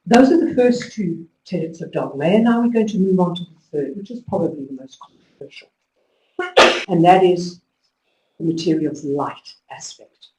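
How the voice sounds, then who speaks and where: A woman's voice: fairly low pitch, moderate pace, slight background noise. Woman lecturing in an echoey hall. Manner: lively storytelling, emphatic instructions. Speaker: conference speaker. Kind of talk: conference talk to teachers. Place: conference hall. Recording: echoey hall, distant mic.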